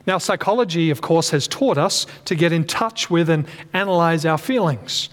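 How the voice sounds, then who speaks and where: A man's voice: a little high, normal speed. Earnest man preaching in a reverberant hall. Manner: earnest, restates points and corrects himself. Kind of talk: sermon.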